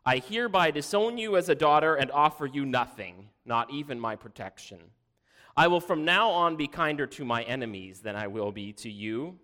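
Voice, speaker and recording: A man's voice: mid-range voice, big pitch swings, a little slow, hardly any pauses. A man voicing a vain, temperamental old king who demands praise, heard with a long hall echo. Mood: furious. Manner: demanding, turns to furious yelling.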